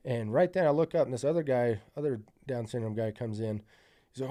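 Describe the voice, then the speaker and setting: Brisk and mellow, with a medium-pitched voice, the man tells his story casually on a podcast. He guides hunts in South Central Utah, curses freely, rambles with fillers such as "you know" and "like," and performs the dialogue he quotes.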